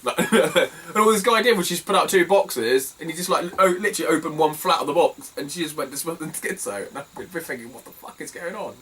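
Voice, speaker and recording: A man's voice: a little high, recorded from a distance, noisy background. British man rambling through a vlog. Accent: British English. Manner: rambling, swears freely, laughs through anecdotes. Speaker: retro game collector vlogger. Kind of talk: casual vlog.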